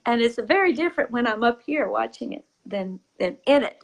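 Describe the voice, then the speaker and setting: A woman giving a reflective spiritual talk. She speaks softly and intimately, often sinking to a whisper, and laughs easily. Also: on the high side, animated, a little fast, hardly any pauses, slightly rough, low-quality recording. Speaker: spiritual teacher.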